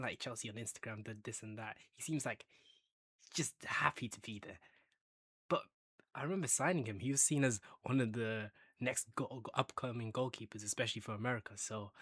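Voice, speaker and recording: A man's voice: medium pitch, fairly bright tone, breathy edge, dry recording. A man hosting a casual football chat, ranking players with banter and bursts of hype. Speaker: football fan channel host.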